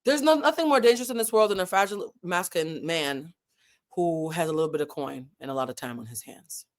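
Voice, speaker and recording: A woman with a New England accent hosting a casual live commentary stream, animated and digressive, swearing freely and swinging between loud and soft. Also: low-pitched, brisk. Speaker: commentary channel host.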